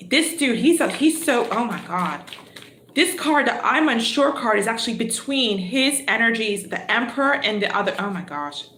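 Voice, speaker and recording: A woman's voice: on the high side, expressive, normal speed, pushed and bright, reverberant, a little hiss or hum. A woman giving a live tarot reading, chatty and exclamatory, thinking aloud as she draws cards. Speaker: tarot reader.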